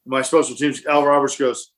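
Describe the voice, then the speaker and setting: A man, a former professional football punter, telling animated stories in casual conversation and acting out the quotes. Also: medium pitch, normal speed. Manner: animated, acts out quotes and laughs. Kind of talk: casual storytelling.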